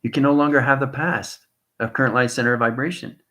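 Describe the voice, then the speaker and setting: A man giving a rambling spiritual monologue, chuckling often and swinging between soft and loud talk. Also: mid-range voice, steady tone, fast talker, roomy sound. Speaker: channel host.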